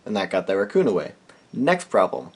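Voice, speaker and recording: A young man from New telling a comic story to camera as a vlogger, animated, now and then breaking into loud silly noises. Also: on the low side, brisk, breathy edge.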